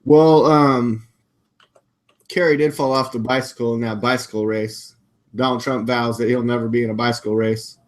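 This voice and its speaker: A man's voice: mid-range voice, steady tone, normal speed. A man hosting a casual live talk show, chatty and full of hesitations. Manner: chatty, hesitant with many fillers. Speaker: host.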